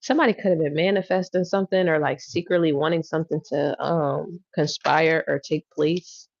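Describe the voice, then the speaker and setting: A woman's voice: low voice, steady tone, normal speed, vocal fry, no room sound. Laughing, teasing woman reading tarot live. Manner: laughing, drawling, teasing, repeating phrases. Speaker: livestream tarot reader. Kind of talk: casual livestream chat. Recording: dry, dull lo-fi sound.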